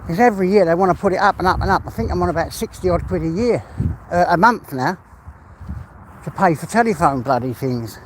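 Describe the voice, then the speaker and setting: A man's voice: high voice, lively intonation, fairly quick, a little hiss or hum. A man with an English accent chatting to his viewers on a phone livestream while walking his dog through the fields, swearing now and then. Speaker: livestream host. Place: outdoors in rural fields.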